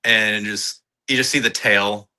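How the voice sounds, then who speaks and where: A man's voice: fairly low pitch, fairly even intonation, measured pace, sharp tone, poor audio. A man co-hosting a casual film review, talking in a loose, rambling way with laughs between phrases. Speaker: podcast co-host.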